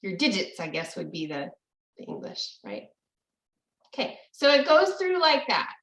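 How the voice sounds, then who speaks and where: A woman's voice: medium pitch, wildly swooping pitch, normal speed, a bit bright, reverberant, low-quality recording. A woman teaching a casual online language lesson, explaining in a chatty way and laughing easily, over a video call. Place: room with echo, video call.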